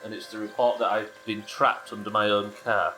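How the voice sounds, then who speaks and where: A British man with a bright, forceful voice keeps up a running stream of dry, joking chatter as he plays a game live. His pitch sits in an ordinary middle range, and faint music plays under his talk. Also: level tone, moderate pace. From Britain. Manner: dry, joking banter with chat. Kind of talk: casual live-stream commentary to chat.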